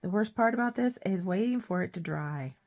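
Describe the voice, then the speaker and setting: A woman with a cold and a hoarse throat, chatting casually while she shows a painting craft. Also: medium pitch, lively intonation, brisk, darkish tone. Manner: chatty, rambling, self-deprecating. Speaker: craft vlogger. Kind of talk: casual painting tutorial chat.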